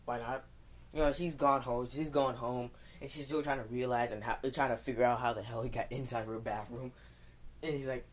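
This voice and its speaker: Young guy rambling thru a fan story, tons of likes and ums, keeps laughing at himself, mid-pitched voice. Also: fairly even intonation, normal speed. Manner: rambling, filler-heavy, chuckling asides. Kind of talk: casual improvised storytelling.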